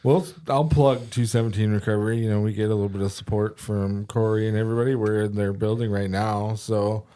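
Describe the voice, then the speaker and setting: A fairly low-voiced man speaks in a relaxed, unhurried way on a casual podcast. His humor is dry and understated, and he sounds at ease, sitting in an office at his workplace. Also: clear, resonant tone. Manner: laid-back, dry joking. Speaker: podcast co-host and peer recovery coach. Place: office in their workplace building.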